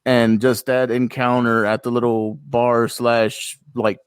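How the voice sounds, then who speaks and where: A man chats on a podcast in an easy, storytelling way. His voice sits in a middle pitch and the sound is dry and close, with no room around it. He livens up whenever he acts out what someone else said. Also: slow pace, clear, resonant tone, dry recording. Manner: storytelling, animated when quoting others. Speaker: podcast co-host. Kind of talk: casual podcast chat.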